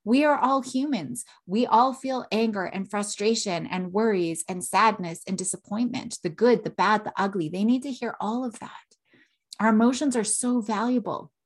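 A woman's voice: mid-range voice, normal speed. A woman in her thirties hosting a parenting podcast, explaining in a casual teaching monologue and acting out feelings and quotes. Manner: animated, acts out emotions and quotes with tag questions.

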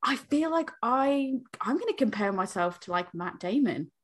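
An American woman from New England, a young adult co-hosting a casual podcast chat, animated, laughing and swearing freely. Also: fairly high pitch, normal speed. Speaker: podcast co-host.

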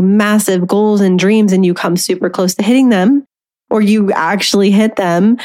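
A woman podcast host in her thirties, talking on her own in a candid, conversational way. She speaks at an everyday middle pitch and sometimes acts out the little voice in her head with a light laugh. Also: a little mellow. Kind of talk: solo podcast talk.

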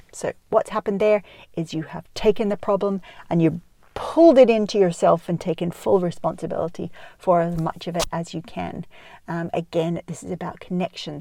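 A woman with a fairly low voice talks through parenting advice in a calm, measured way, stopping often with soft ums. The sound is dry and close, with no room around it. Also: gravelly, dry recording. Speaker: parenting educator. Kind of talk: podcast-style advice talk.

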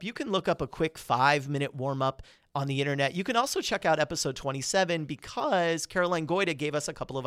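A man hosting a podcast, giving quick, energetic coaching tips on presenting with melodic, well-placed pauses. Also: a little high, dry recording, studio quality. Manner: melodic, modulated emphasis. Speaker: podcast host.

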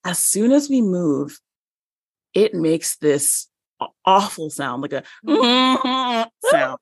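Low-voiced woman telling a lively story. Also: slow, creaky, husky, no echo, studio quality. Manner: animated, frequent fillers and laughs. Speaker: podcast guest. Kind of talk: conversational storytelling.

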